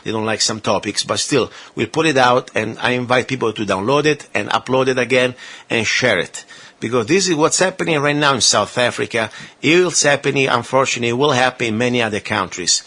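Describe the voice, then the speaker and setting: Guy hosting a talk radio show, bright forceful voice, pleads with the audience a lot. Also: medium pitch, a little fast. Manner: earnest, persuasive appeals to listeners.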